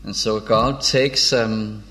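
A man preaching an informal sermon. He is unhurried, pauses often and restarts his phrases, and reads old biblical verses in a measured tone. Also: fairly low pitch, fairly even intonation, background noise. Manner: unhurried, with frequent hesitations and restarts.

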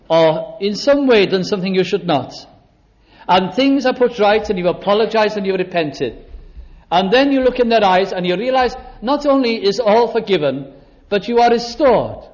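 High-voiced preacher, lo-fi recording. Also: male voice. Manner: slow, emphatic preaching with dramatic pauses and quoted scripture. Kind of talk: sermon. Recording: dull lo-fi recording.

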